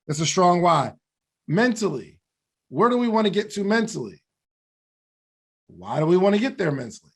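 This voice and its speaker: Slightly high in pitch, animated, and husky with vocal fry, a podcast co-host speaks at a moderate pace. He works through goals in an earnest, reflective motivational talk, sometimes laughing at his own expense.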